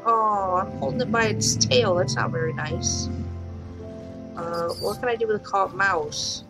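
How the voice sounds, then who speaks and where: A woman's voice: fairly low pitch, poor audio. Chatty woman commenting on gameplay. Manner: chatty, talks to game animals, swears lightly. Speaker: let's play host. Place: home room.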